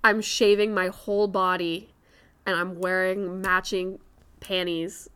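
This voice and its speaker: A woman's voice: fairly low pitch, flat delivery, unhurried, sharp tone, clear, resonant tone. A young woman co-hosting a podcast, telling candid stories in casual chat and laughing often. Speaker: podcast co-host.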